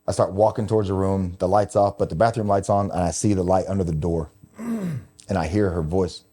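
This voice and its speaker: A man's voice: sits low, animated, fairly quick, warm tone. A middle-aged man hosting a podcast, telling a personal story in a candid, emotional way and swearing freely. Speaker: podcast host.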